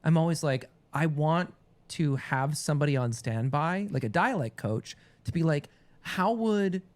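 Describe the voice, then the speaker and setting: A man's voice: fairly high pitch, normal speed. A man who works as an actor, co-hosting a casual podcast and asking curious questions with a loose, rambling delivery. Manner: curious, rambling, many fillers. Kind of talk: casual chat.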